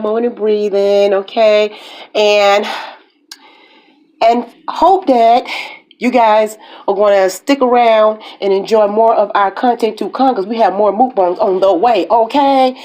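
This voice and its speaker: A woman's voice: medium pitch, fairly even intonation, mellow. Upbeat woman hosting a mukbang. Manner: upbeat, drawn-out phrases with a lot of "okay, guys". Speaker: mukbang host. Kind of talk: casual chat to camera.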